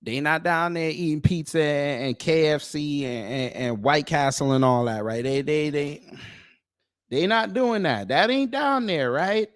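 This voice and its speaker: A man's voice: on the high side, measured pace, no echo. A man from the United States giving a reaction commentary, incredulous and mocking as he talks. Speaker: YouTube commentator.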